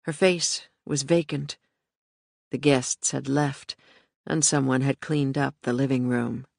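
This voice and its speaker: An audiobook narrator reading in a steady, measured way. The pace is slow and unhurried. The recording is dry and close to the mic. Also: medium pitch, creaky, no room sound.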